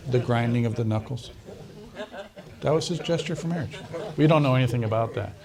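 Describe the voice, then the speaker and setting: A man guest in an interview, telling a long personal story with lively quoted dialogue and frequent laughter. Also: medium pitch, brisk, gravelly, crowd noise. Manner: animated anecdotal storyteller, mimics other speakers, laughs often. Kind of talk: storytelling in a recorded conversation.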